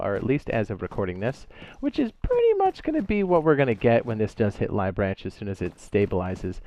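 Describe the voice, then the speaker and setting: A man's voice: on the low side, a little mellow, highs cut off. A man hosting a gaming channel, reading out update notes with offhand asides and fillers. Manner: reads list items aloud with offhand asides and fillers. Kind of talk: casual patch-notes rundown.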